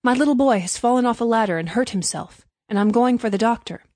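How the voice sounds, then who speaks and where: A woman voicing a greedy, smooth-talking male miller in a storybook reading. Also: on the high side, fast, darkish tone, dry recording, close to an everyday voice. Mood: pleading. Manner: hearty, self-serving pronouncements.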